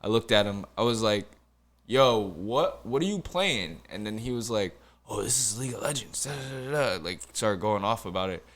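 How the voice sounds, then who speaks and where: Animated, profane man telling stories. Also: on the low side, moderate pace. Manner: animated, profane storytelling with acted-out quotes. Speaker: podcast guest, cook. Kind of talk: casual storytelling chat.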